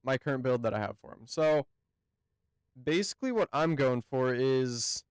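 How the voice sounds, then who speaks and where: A man hosting a casual game review, talking in a hesitant, halting way and often searching for words. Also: medium pitch, animated, clean tone, no room sound. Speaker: gaming channel host.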